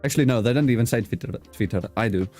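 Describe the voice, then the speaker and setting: A man's voice: mid-range voice, racing, a little mellow, faint music behind. A man hosting a casual video-call interview, with an accent mixing British and South African English, rambling, swearing casually and laughing often. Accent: mix of British and South African English. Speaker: host.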